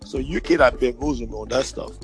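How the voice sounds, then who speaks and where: A man co-hosting a casual chat, talking in loud, joking, profane banter. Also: medium pitch, fast talker, faint music behind.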